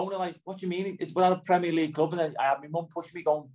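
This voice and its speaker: A man's voice: fairly high pitch, flat delivery, rapid-fire, hardly any pauses, darkish tone, poor audio. A middle-aged man with a Liverpool accent, chatting in an interview, rambling and often asking "do you know what I mean". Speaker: interviewee, footballer. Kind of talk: casual interview chat.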